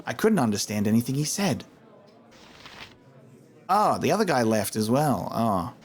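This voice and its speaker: A man's voice: mid-range voice, big pitch swings, measured pace, a little hiss or hum. Playful male game streamer. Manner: playful, laughs often, reads dialogue aloud. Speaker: gamer. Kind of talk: playthrough commentary.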